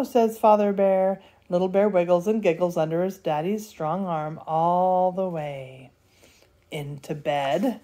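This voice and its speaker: An older woman, a grandmother, reading a bedtime storybook aloud in a lively, playful way. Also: fairly low pitch, slow. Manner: lively, playful, does character voices.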